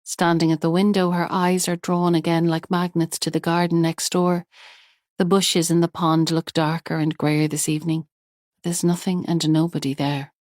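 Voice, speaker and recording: A woman narrates an audiobook in a calm and measured way. Her voice sits on the low side. She is recorded close on the mic in a completely dry space. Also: no room sound.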